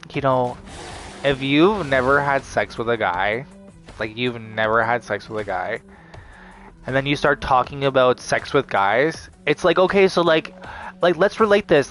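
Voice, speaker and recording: A man's voice: mid-range voice, a bit bright. A man in a heated, profane, unscripted rant, swearing constantly and leaning on "like" as he talks. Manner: heated, swearing, heavy use of "like".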